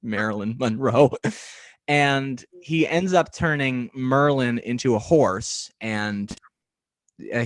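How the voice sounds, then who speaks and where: A man's voice: medium pitch, no room sound. Male podcast host, chatty and rambling, dry video-call audio. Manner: rambling, lots of ums and small laughs. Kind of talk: casual interview chat.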